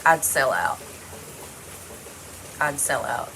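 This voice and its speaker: A woman's voice: very deep voice, lively intonation, slow, creaky, bright, forceful tone, a little hiss or hum, poor audio. A woman talking straight to the camera in a casual personal monologue, blunt and heavily profane, rambling loosely from one thought to the next. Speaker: vlogger.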